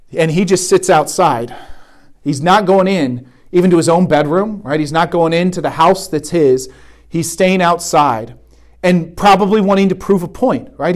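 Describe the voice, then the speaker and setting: A man giving a conversational sermon at a retreat, often checking in with "right?". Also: fairly high pitch. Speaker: retreat speaker. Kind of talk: sermon talk.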